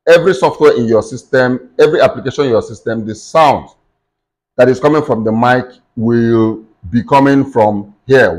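A man hosts a screen-recorded software tutorial and walks through each step. He talks in a plain instructive way, often saying "okay" and "um" as he moves between steps. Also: medium pitch, rough recording. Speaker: tech tutorial host.

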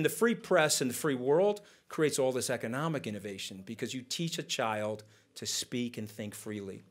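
A man tells stories from a conference stage. His delivery is animated and conversational. He slips into other people's voices to act out quotes as he goes. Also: medium pitch. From United States. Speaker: guest speaker. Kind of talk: onstage storytelling conversation.

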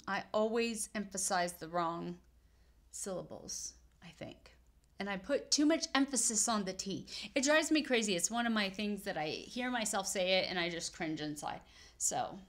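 A woman vlogger chatting casually about her stitching and quilting projects, rambling and correcting herself as she goes. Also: a little high. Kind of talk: casual chat.

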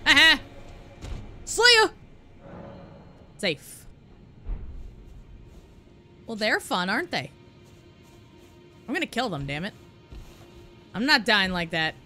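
A woman streamer giving live commentary while playing a video game, excitable and swearing, dropping to low mutters and then bursting into loud cheers. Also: slow pace, pauses often, soft background music.

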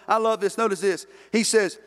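A man's voice: sits high, fairly even intonation, moderate pace, a bit bright. A man preaching a sermon as pastor, fervent and repetitive, calling out to his congregation. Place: church sanctuary. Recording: long reverb in a church hall.

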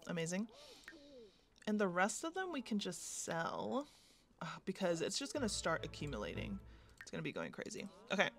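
A woman's voice: on the low side, wildly swooping pitch, moderate pace, vocal fry, fairly bright tone. A young woman giving casual, chatty commentary on her own game play, often laughing and gasping as she goes. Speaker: gaming youtuber.

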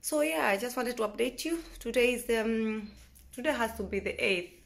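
A woman from Kenya chatting casually to the camera at home in a vlog, rambling and correcting herself, often trailing off softly. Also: on the high side, normal speed, gravelly, slight background noise. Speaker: vlogger. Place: at home indoors.

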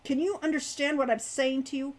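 A woman's voice: high-pitched, steady tone, fairly quick, pitched above the performer's own voice, natural voice. A woman reading aloud, voicing an irritable young male rogue who speaks bluntly. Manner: impatient, blunt.

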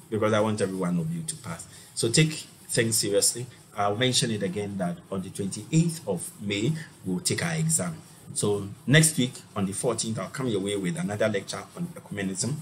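A man's voice: deep voice, slight background noise. A man giving a recorded university lecture, talking straight to his students and repeating words for emphasis. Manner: lively, addresses students directly, repeats words.

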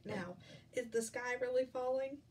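A woman's voice: a little high, measured pace, distant mic, very noisy. Woman teacher reading aloud to kids. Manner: gentle, explaining. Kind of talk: reading a picture book aloud to children.

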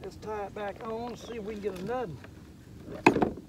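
Older man, fishing vlog host; folksy, excitable, high-pitched, recorded on a lake with boat noise, mic at a distance. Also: a little fast. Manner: folksy, excitable, talks straight to viewers. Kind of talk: casual fishing vlog narration.

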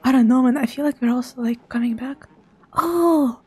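A woman's voice: a little high, level tone, quick pace, background noise. A woman streamer giving live commentary on a horror game, talking to her chat and dropping to a whisper when she gets scared.

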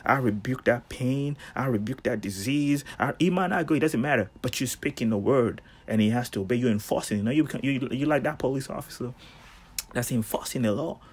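A man hosting a daily devotional, preaching in a casual, animated way with slangy asides. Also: medium pitch, fast, husky. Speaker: devotional host.

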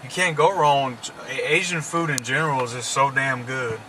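A man's voice: medium pitch, fairly even intonation, normal speed. A man with a Southern accent from Mississippi, hosting a casual, joking chat while driving around town. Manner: chatty, joking, folksy. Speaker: vlog host. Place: inside a car driving through town. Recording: road noise from a moving car.

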